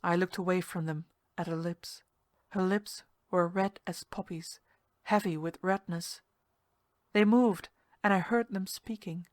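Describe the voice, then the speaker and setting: A woman's voice: on the low side, steady tone, a little slow, no echo. Woman reading a ghost story, dry sound. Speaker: story reader. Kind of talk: scripted narration of a ghost story.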